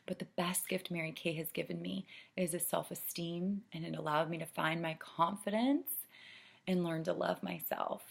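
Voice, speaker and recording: A middle-aged woman coaching saleswomen, earnest and persuasive, dropping to a soft hush to stress a point. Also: lowish voice, steady tone, normal speed, gravelly, breathy edge. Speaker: sales director training consultants. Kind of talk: coaching talk with acted sales pitch.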